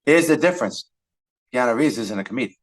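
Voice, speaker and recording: A man's voice: mid-range voice, expressive, fast talker. A man co-hosting a casual podcast, arguing his points with laughs. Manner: argumentative, laughing. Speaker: podcast co-host. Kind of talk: casual chat.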